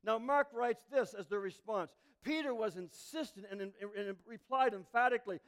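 A male pastor preaches a passionate sermon, building to emphatic peaks and then dropping to a near hush. His voice is very high, and he speaks briskly.

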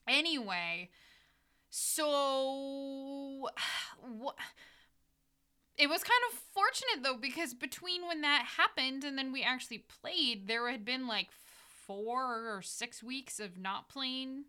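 A chatty American woman talks through her tabletop games in a loose, rambling way, laughing often as she goes. Her voice is bright and crisp, and sits a little high. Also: expressive, slow pace. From United States. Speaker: dungeon master and podcast host. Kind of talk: casual reflective podcast chat.

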